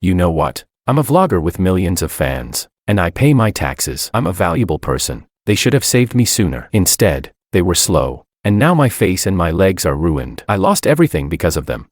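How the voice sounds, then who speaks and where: A man's voice: deep voice, very animated, normal speed, hardly any pauses, dry recording, clean studio sound. A man voicing a bitter, disabled young wife who screams and sneers at everyone. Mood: furious.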